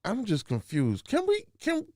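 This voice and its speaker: A man hosting a casual comedy show, teasing his co-host and halting with frequent fillers. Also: high voice, wildly swooping pitch, darkish tone, no room sound, clean studio sound.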